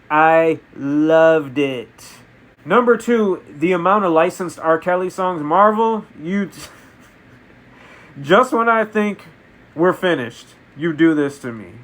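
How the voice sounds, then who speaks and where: A man reviewing a film in a comedic, deadpan way, retelling absurd story events. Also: fairly high pitch. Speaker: movie reviewer. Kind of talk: comedic spoken movie review.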